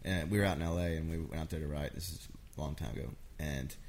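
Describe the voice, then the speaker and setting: A man's voice: rumbling low, quick pace. A man, a songwriter, telling stories in a casual chat and acting out what others said. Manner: animated, acts out quotes of others. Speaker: songwriter guest. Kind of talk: casual storytelling.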